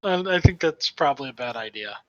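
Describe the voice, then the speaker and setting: A man's voice: medium pitch, expressive, a little fast, dull audio. A man playing in a tabletop game, talking in a wry, matter-of-fact way. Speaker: player. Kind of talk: casual tabletop game chat.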